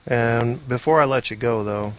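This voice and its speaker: A man hosts a show on his own, talking in a loose, rambling monologue at an ordinary mid pitch. His humor is dry and self-mocking, and he swears offhandedly. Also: normal speed, a little hiss or hum. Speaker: podcast host. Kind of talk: casual solo monologue.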